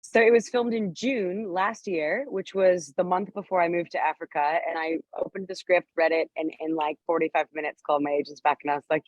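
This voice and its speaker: A woman's voice: on the low side, fairly even intonation, a little fast, hardly any pauses, no echo. A woman being interviewed over a video call, bubbly and laughing often, with lots of fillers. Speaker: actress guest. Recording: dry, dull lo-fi video call audio.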